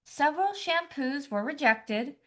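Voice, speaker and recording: A woman's voice: high-pitched, animated, a little slow. A woman co-hosting a comedy podcast, sarcastic and acting out screaming parents in her jokes. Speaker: podcast co-host.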